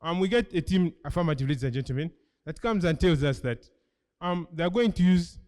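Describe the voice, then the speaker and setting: A man's voice: a little high, expressive, a little fast. A young man in his late teens with a Ugandan English accent, giving an emphatic competitive debate speech as the opposition's first speaker, repeatedly addressing the audience. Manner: emphatic, keeps repeating "ladies and gentlemen".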